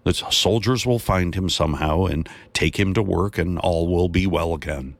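A man's voice: low-pitched, moderate pace, gravelly, no echo. A man doing a blunt, curious woman friend. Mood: inquisitive. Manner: pointed, questioning.

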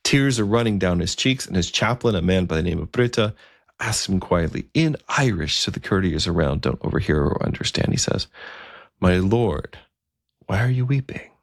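A man telling a historical story in a relaxed, conversational way, with asides and fillers. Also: low-pitched, a little fast, gravelly, dry recording, clean studio sound.

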